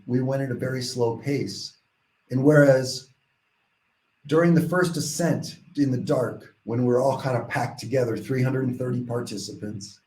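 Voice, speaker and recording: Male podcast guest, mellow tone, animated rambling storyteller, echoey room. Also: mid-range voice, a little hiss or hum. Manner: animated, rambling storytelling with many restarts and quoted dialogue. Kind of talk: casual storytelling in a podcast interview.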